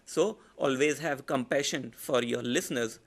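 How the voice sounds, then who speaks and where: A man with an Indian English accent, a public speaking trainer giving a lecture and demonstrating shifts in volume, pitch and pace. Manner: demonstrates loud, soft, fast and slow delivery. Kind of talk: online lecture.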